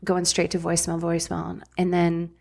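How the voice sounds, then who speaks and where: A woman's voice: lowish voice, monotone, normal speed, creaky, darkish tone. A middle-aged woman, a podcast guest and former ER nurse, telling her story candidly in a blunt, casual way with frank swearing.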